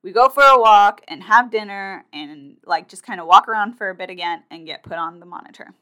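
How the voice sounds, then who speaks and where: A young woman vlogger telling her birth story in a casual, animated way, acting out quotes and filling her talk with "like". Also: mid-range voice, fairly quick. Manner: animated, acts out her own and others' quotes, many fillers like "like".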